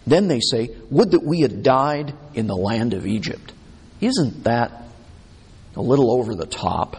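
A male pastor delivers a sermon at an unhurried pace, his voice slightly husky. He talks in a conversational way and voices the complaints of the people he describes. A long reverb trails behind him from the church hall. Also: mid-range voice, expressive, a little mellow. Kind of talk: expository sermon.

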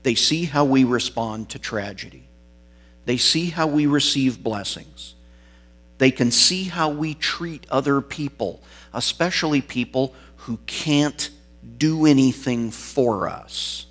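Husky-voiced male pastor preaching. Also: medium pitch, slow pace, a bit bright. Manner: expository preaching, varied emphasis. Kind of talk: sermon.

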